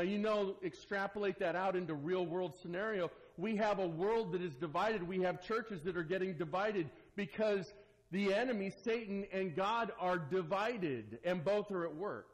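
A male pastor with a fairly high voice delivers a sermon to his church. He swings from ringing, emphatic lines down to soft, hushed asides, with an earnest, lively delivery. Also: poor audio.

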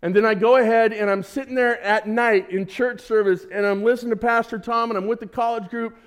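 A man in his sixties delivers a sermon as a story, lively and theatrical. His voice sits a little high for a man, and he acts out his own cries and the dialogue. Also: a little fast. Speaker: preacher.

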